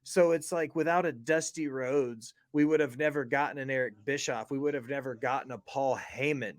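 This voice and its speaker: A man's voice: medium pitch, normal speed, no echo. A man in a casual podcast chat, talking emphatically with many fillers.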